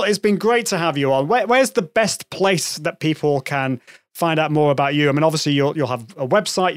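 A talkative man hosts a live online show, with a voice a touch higher than most men. He rambles, restarts his sentences and slips in small laughs. The sound is dry and close. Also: no room sound. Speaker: host. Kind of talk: live show interview chat.

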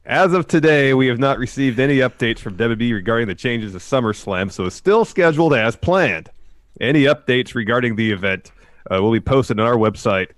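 A man co-hosting a wrestling news podcast in casual chat, often pausing with uh fillers. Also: mid-range voice, lively intonation, no echo, studio quality. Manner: hesitant, many uh fillers. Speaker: podcast co-host.

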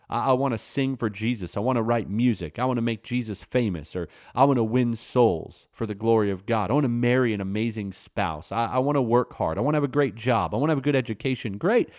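A man in his thirties preaching an earnest, emphatic sermon, his voice jumping up in pitch when he stresses a point. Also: darkish tone, dry recording, clean studio sound. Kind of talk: sermon-style teaching.

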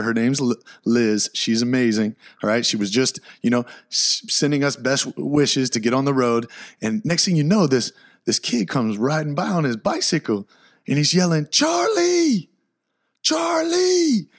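Young male podcast host, medium pitch, excitable storyteller, slangy, prone to loud outbursts. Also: moderate pace. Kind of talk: casual solo podcast storytelling.

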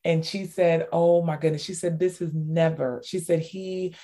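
A woman author as an interview guest, telling stories with lots of fillers and bursts of excitement. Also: on the low side, unhurried. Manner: animated storyteller, many fillers, squeals in retold cheers. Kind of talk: casual interview talk.

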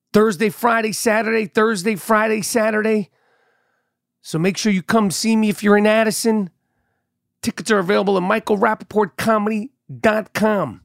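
A middle-aged man hosting a podcast, telling stories in an animated, profane way while sounding a bit sick and congested. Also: high voice, gravelly, no room sound, studio quality. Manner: animated storyteller, swears freely. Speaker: podcast host. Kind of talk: casual monologue.

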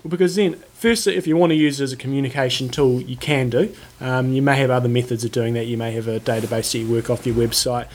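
A man's voice: mid-range voice, fairly even intonation, fast, hardly any pauses. A man co-hosting a casual chat, easygoing with dry humor. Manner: easygoing, dry, brief replies. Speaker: podcast co-host.

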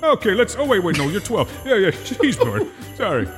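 Crude tired mall santa, man doing the voice, drawls slow then swears, bouncy voice, echoey with soft music behind. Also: high-pitched, huge pitch swings, pitched above the performer's own voice. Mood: rambling. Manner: slow, drawn-out delivery with sudden profane asides. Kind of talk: improvised comedy role-play.

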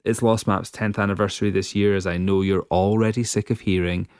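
A man's voice: little pitch movement, brisk, a little mellow, smooth, dry recording, studio quality. A man hosting a casual podcast, joking and laughing often. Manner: jokey, laughs often, wide swings in pitch. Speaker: podcast host.

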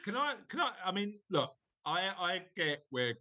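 A man hosting a casual podcast, his voice bright and forward. He rambles, restarts his sentences and keeps slipping in jokes. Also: high voice, sing-song, normal speed. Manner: rambling, self-correcting, jokey. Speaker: podcast host. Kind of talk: casual chat.

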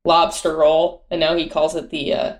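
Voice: mid-range voice, monotone, normal speed. A young adult touring performer chatting casually, full of fillers and self-mocking asides. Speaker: touring musician-comedian, guest. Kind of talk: casual chat.

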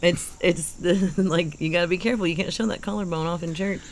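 A co-host, joking playfully and stopping and restarting mid-sentence. The voice sits at an ordinary pitch, with a faint chirp of crickets in the background. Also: steady tone, a little hiss or hum. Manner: playful, teasing, halting. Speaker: podcast co-host. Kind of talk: casual chat.

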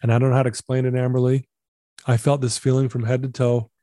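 A man recounts his story on a podcast in an earnest, confessional way, voicing the people he quotes. His voice is mellow and dark, at a middle pitch. The sound is dry and close. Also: flat delivery, quick pace, no room sound. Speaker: podcast guest. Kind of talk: storytelling interview.

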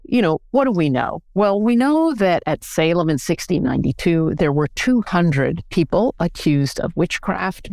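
An American woman, a history professor, explaining things in a clear, measured lecturing manner during an interview. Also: sits low, darkish tone, no room sound, clean studio sound. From United States.

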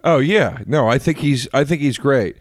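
Animated, swearing man in casual chat. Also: mid-range voice, normal speed, no room sound, clean studio sound. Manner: animated storyteller, swears freely, acts out quotes. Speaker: podcast co-host.

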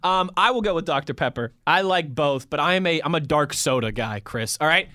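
A man hosting a sports talk show, upbeat and smooth, reading segment cues and listener questions. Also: on the high side, animated, fairly quick, bright, forceful tone.

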